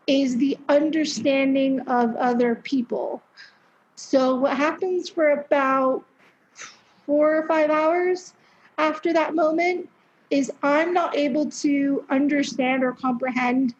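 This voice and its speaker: A young woman with a high voice talks as a podcast guest, in a loose, chatty way full of fillers and blunt swearing. The sound is dull and lo-fi. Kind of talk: casual interview storytelling.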